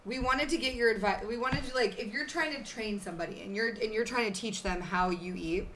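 A woman co-hosting a podcast, chatty and teasing and quick to laugh. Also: a little high, fairly bright tone. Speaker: podcast co-host. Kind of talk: casual chat.

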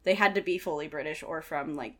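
A woman's voice: low voice, quick pace, sharp tone. A woman co-hosting a casual podcast chat, chatty and enthusiastic, with laughing asides. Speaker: podcast co-host.

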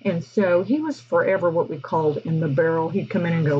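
A woman's voice: on the low side, animated, fast talker, hardly any pauses, highs cut off, a little hiss or hum. A woman teacher, telling stories casually on a podcast, with lots of fillers and an easy, chatty manner. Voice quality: husky, breathy. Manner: chatty, with frequent fillers and laughs.

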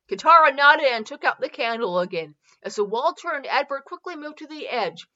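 A woman reads fan fiction aloud in a casual, amused way, fixing her own slips as she goes. Her voice is bright and edgy. The recording is muffled and lo-fi. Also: high-pitched, animated, normal speed, few pauses. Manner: laughs and corrects herself while reading. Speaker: fanfiction reader. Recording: dull lo-fi recording.

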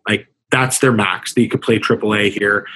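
A man's voice: lowish voice, steady tone, moderate pace, pushed and bright, breathy edge, low-quality recording. A man, a hockey coach, answering interview questions in an earnest, rambling way, often restarting his sentences. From Canada.

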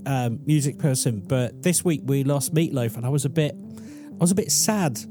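A man's voice: mid-range voice, moderate pace, music in the background. A man co-hosting a podcast, telling a story in a chatty, rambling, self-deprecating way. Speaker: podcast co-host presenting the story. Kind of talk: casual storytelling chat.

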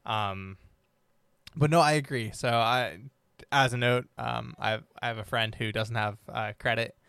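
A young man hosts a relaxed interview, talking in a chatty, rambling way full of ums and restarts. His voice is smooth and clear, recorded close and dry with no room sound. He sits at a middle pitch for a man. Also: a little slow, no echo. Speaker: podcast host. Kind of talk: casual interview chat.

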